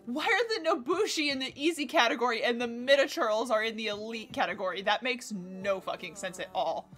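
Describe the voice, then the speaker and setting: A woman's voice: fairly high pitch, a little fast, a bit bright, soft background music. A woman livestreaming a game in casual chat, scattered and swearing as she talks to herself and to the game.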